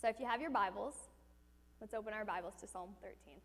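A woman's voice: mid-range voice, fast, a bit bright, in a large hall. A woman preaching a sermon, telling a personal story with animation and asking the audience questions.

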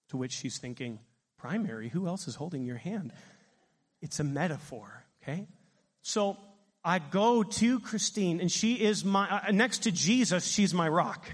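A middle-aged man preaching a sermon as pastor, animated and asking his congregation questions. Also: high-pitched, big-room sound.

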